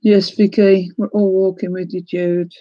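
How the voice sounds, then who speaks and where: A crafting livestream host from New Zealand gushes, exclaims and grows tearful while talking to viewers during a casual live unboxing. Her medium-pitched voice has a level tone and measured pace. The recording has no echo, but the highs are cut off.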